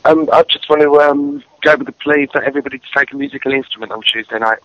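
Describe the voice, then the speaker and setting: Fast-talking upbeat male caller. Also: medium pitch, steady tone, fairly bright tone, no room sound. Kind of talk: casual phone-in chat. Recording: dull, dry lo-fi recording.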